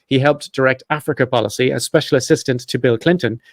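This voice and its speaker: Fast-talking man hosting a podcast. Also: mid-range voice, no echo, clean studio sound. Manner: casual and profane, quick asides. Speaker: podcast host. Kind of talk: casual podcast chat, reading notes.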